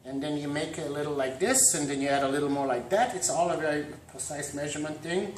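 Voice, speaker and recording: Guy doing a silly cooking show, deadpan dad jokes, echoey kitchen with dishes clanking. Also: a little high, fast talker, background noise. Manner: deadpan punning, dad jokes, trailing asides. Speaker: host of a joke home cooking show. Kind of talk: rambling mock cooking demonstration. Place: home kitchen. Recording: echoey kitchen with clattering pots and cutlery.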